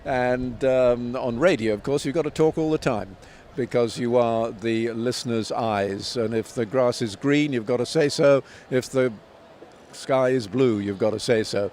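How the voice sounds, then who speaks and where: Older guy in his 70s, veteran commentator, mid pitch, measured, lots of ums. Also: darkish tone, slight background noise. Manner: measured, anecdotal, with frequent ums and restarts. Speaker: tennis commentator and author, guest. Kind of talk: reflective interview answers.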